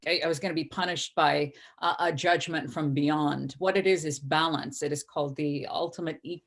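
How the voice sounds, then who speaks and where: Female host, low pitch, chatty and earnest live-stream talk on a video call. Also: fairly even intonation, normal speed. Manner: earnest, chatty, reads viewer comments aloud.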